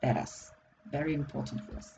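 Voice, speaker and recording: Language teacher, slow and patient, middle pitch, hesitant self-correcting delivery. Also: lively intonation, a little mellow, soft background music, poor audio. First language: Slovak. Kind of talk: recorded language lesson.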